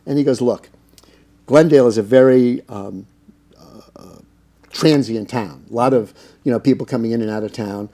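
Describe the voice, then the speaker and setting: A man's voice: mid-range voice, moderate pace, pauses often, dark tone. A middle-aged American man, an interview guest who tells long anecdotes in a casual, rambling way, full of fillers and acted-out quotes. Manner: anecdotal, lots of fillers, acts out quoted dialogue. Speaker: interview guest, cannabis business owner.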